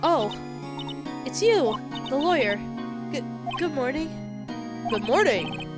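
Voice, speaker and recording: A woman's voice: very animated, slow, exaggerated voice. A woman voicing a nervous, earnest young woman who stammers, over game music. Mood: startled. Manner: higher, stammering. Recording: video game music behind.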